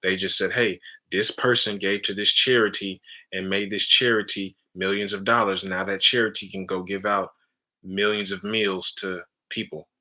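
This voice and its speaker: Deep-voiced man giving a spiritual talk. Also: little pitch movement, normal speed, sharp tone. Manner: casual, addresses listeners as family, frequent tag questions. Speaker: spiritual teacher.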